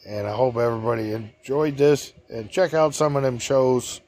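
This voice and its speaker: A man's voice: medium pitch, normal speed, darkish tone. A man telling meandering anecdotes in a chatty, casual way. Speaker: vlogger. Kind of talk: rambling storytelling.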